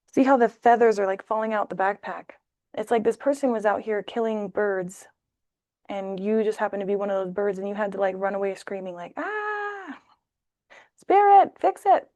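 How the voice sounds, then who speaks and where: A tarot reader talks to camera as she casually works through a spread, chatty and loose, dropping into playful little voices. Her voice is mid-pitched for a woman and a little mellow, and the recording is close and dry with almost no room sound.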